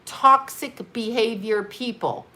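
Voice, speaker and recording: A woman's voice: a little high, slow, bright, forceful tone. A woman hosting a casual livestream as a psychic medium, talking bluntly with profanity and breaking off to answer viewer comments. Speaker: psychic medium and channel host.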